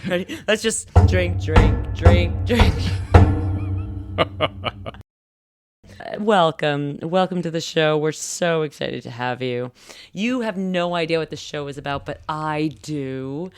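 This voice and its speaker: A woman's voice: low voice, a little slow, soft background music. A woman hosting a podcast, chatting playfully and teasing her guest in a casual interview. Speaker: podcast host.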